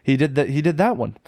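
A man co-hosting a casual film podcast, telling the story in a jokey, profane, excitable way. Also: on the high side, slightly rough, no room sound, clean studio sound. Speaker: podcast co-host reviewing films.

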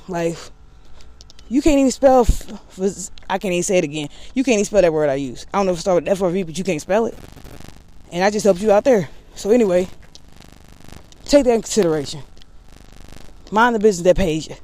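A woman's voice: lowish voice, mellow. A woman vlogger in casual talk to camera, candid and rambling with a sassy edge.

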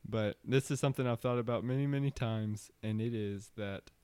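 A man, co-hosting a casual podcast and chatting easily. His voice is smooth and resonant, with a dry, close-miked sound. He talks in a relaxed, halting way with fillers. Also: medium pitch, no room sound. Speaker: podcast co-host. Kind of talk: casual chat.

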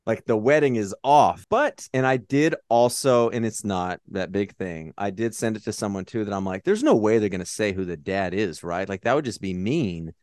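Male podcast co-host, low-pitched, rambling and profane, dry close sound. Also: lively intonation, normal speed, few pauses, a little mellow, no echo. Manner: rambling, swears, acts out characters in quotes. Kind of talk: casual movie chat.

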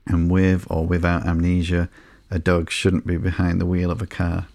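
A man hosting a podcast, reading through a comic book in a slow, sleepy, monotone way with soft fillers. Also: sits low, creaky, dry recording. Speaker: podcast host.

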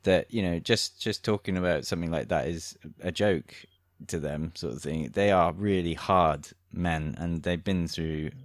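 Low-voiced man telling army stories. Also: normal speed, hardly any pauses, no room sound, studio quality. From Britain. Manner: animated storyteller, laughs through anecdotes. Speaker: podcast host. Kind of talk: casual chat.

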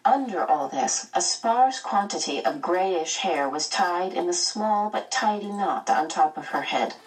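A woman narrating a children's novel aloud in a measured, expressive way. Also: on the low side, distant mic, rough recording. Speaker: audiobook narrator. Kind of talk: storybook narration.

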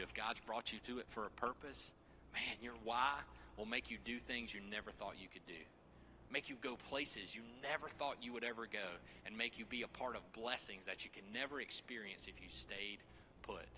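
A man in his thirties preaching a sermon, joking with the congregation in lively asides. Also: lowish voice, moderate pace, slight background noise. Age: 30s.

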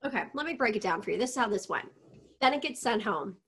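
Husky-voiced blunt female co-host. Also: a little high, quick pace. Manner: blunt, animated storyteller. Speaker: podcast co-host. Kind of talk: casual chat.

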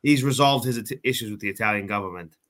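A man's voice: on the low side, fast talker, a bit bright. A man co-hosting a podcast in casual chat, joking, swearing freely and trailing off with fillers. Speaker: podcast co-host.

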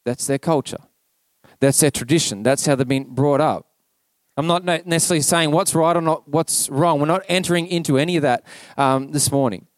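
An Australian man preaching in a relaxed, conversational way, his voice sitting high for a man. He tells stories with lots of "like" and casual asides. The sound is close and dry, with little room around it. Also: a little fast, no room sound. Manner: chatty storytelling, peppered with "like". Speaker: pastor. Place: church.

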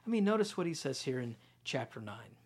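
Husky-voiced man preaching conversationally. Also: mid-range voice, big pitch swings, fairly quick. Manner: conversational preaching, storytelling, quiet intense stretches. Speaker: pastor. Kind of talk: sermon.

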